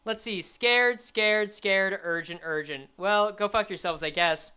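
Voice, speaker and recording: A young woman streaming a game, chatting and reading the story aloud, animated and quick to laugh. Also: mid-range voice, smooth.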